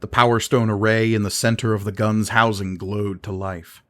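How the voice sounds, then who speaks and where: A man narrating a fantasy audiobook in a measured, dramatic reading style. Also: on the low side, flat delivery, fairly bright tone.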